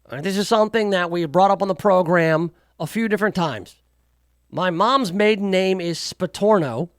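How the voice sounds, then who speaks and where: A man's voice: sits high, moderate pace, clean tone, no room sound, clean studio sound. A man hosting a talk radio show, delivering a rambling, sarcastic monologue full of jokey asides. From United States. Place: radio studio.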